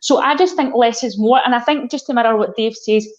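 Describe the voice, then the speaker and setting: A woman's voice: a little high, brisk, muffled recording. A Scottish woman who coaches people on mental health, talking reflectively in a casual podcast chat.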